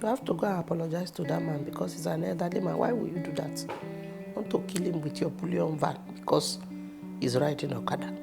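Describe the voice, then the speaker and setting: A Nigerian actress telling personal stories in a casual, expressive way, with sudden loud bursts. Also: female voice, low voice, fairly quick, creaky. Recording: music playing behind the voice.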